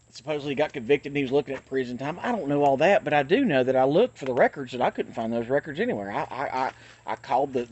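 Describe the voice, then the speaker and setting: A man's voice: mid-range voice, a little mellow, highs cut off. Man, blunt and ranting, repeats himself, handheld phone recording outdoors. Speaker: channel host. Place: outdoors near traffic.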